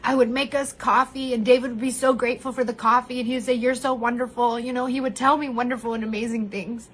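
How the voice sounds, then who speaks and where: High-voiced woman speaking candidly. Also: steady tone, fast, a bit bright, breathy edge. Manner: candid, heartfelt, tearful at moments, laughs often. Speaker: vlogger sharing personal story. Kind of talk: emotional live-stream monologue.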